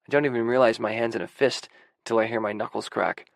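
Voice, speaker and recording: Gravelly guy reading an audiobook, wry and gruff, dry close mic. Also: fairly low pitch, fairly even intonation, a little fast, no echo. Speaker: audiobook narrator. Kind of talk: first-person audiobook narration.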